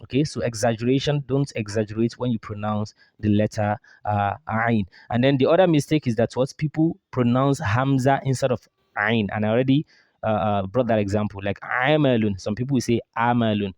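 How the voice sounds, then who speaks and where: A man teaching Quran recitation, drilling throat sounds slowly with exaggerated demonstrations and quizzing his listeners as he goes. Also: mid-range voice, darkish tone, no echo, studio quality. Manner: drills sounds slowly, asks and answers his own questions. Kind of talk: pronunciation lesson.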